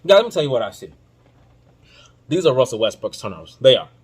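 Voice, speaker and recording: A man hosting a podcast, giving casual basketball commentary in an emphatic, informal, slang-heavy way that swings between loud outbursts and low muttering. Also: sing-song, quick pace, breathy edge. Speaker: podcast host.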